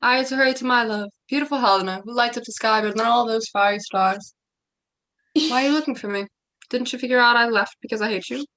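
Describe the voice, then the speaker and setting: A woman's voice: a little high, fast talker, fairly bright tone, natural voice, poor audio. A teenage girl acting as a fickle, scornful young man in a school stage play. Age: teens. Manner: scornful, brash.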